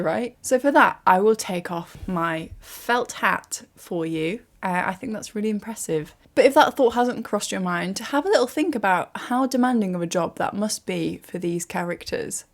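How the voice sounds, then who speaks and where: A young woman, talking through a casual vlog in a chatty, animated way with self-mocking asides. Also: mid-range voice. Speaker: YouTuber.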